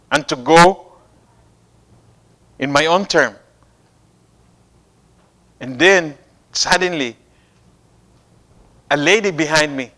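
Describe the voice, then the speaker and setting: Male preacher, high voice, unhurried, prompts the congregation with questions. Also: sharp tone, poor audio. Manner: call-and-response questions to the congregation, repeating phrases. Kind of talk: sermon.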